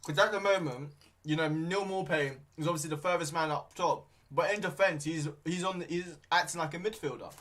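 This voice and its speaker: Young male streamer, higher voice, loose rambling football chat with plenty of fillers. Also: brisk, few pauses, fairly bright tone. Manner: rambling, hesitant, many fillers; talking with his mouth full at times. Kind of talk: casual live match commentary.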